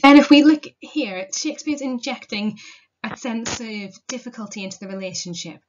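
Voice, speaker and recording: Woman, literature teacher, explanatory, rhetorical questions, mid pitch, lo-fi recording. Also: normal speed, a little hiss or hum. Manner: explanatory, asks rhetorical questions, casual fillers. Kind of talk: recorded poetry lesson.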